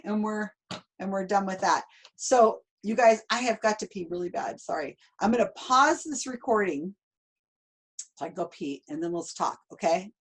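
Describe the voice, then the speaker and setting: A woman's voice: lowish voice, husky. A woman with a light Southern accent hosts a live video stream. She talks casually and hesitantly, with frequent fillers and easy laughter. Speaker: host. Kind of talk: livestream talk. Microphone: video call.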